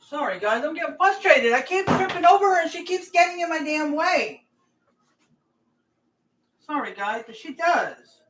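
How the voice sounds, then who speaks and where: A woman's voice: high voice, animated, normal speed, long pauses, a bit bright, a little hiss or hum. A woman hosting a cooking vlog, rambling chattily and talking straight to her viewers from her home kitchen. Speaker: cooking channel host.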